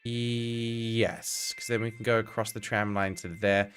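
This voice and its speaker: A man's voice: fairly low pitch, level tone, a little slow, a bit bright, clean tone, soft background music. A young man streaming a game, chatting to viewers with wry asides and the odd swear. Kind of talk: casual live-stream gameplay commentary.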